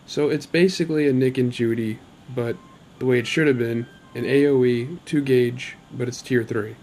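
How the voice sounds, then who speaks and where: A man with a mid-range, fairly even, slightly dark voice chats casually over gameplay on his own gaming channel at a normal speed. He's upbeat and talkative, wandering into rambling asides, with a little hiss or hum in the audio.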